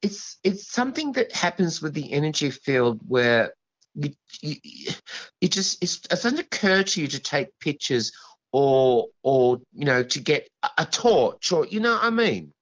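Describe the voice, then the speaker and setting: A man rambles through a story as a guest, stopping and restarting often. His pitch swings widely, and the sound is dull and lo-fi, like a remote call. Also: sing-song, a bit bright. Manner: rambling, halting, full of restarts and "you know". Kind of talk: storytelling in an interview.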